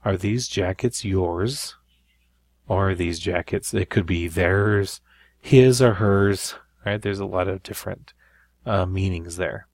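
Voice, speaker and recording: A man with a low voice explains grammar in a recorded lesson. He walks through each point patiently, often pausing to ask "right?". The sound is close and dry. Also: darkish tone, dry recording. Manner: explanatory, repeats with frequent "right?". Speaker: Spanish teacher.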